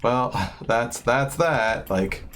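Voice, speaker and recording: A man's voice: medium pitch, expressive, very slow, fairly bright tone, slight background noise. A man streaming a game, rambling in a casual, self-deprecating way with lots of fillers. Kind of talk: casual gameplay commentary.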